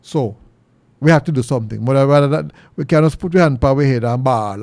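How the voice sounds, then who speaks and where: A middle-aged Jamaican man delivers an earnest, preachy opinion monologue in a gravelly voice. He sits at an ordinary middle pitch but leaps much higher whenever he hammers a point home. The sound is dry and close. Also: lively intonation, a little fast, a little mellow, dry recording. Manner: earnest and preachy, pitch jumps high for emphasis. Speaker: commentary show host.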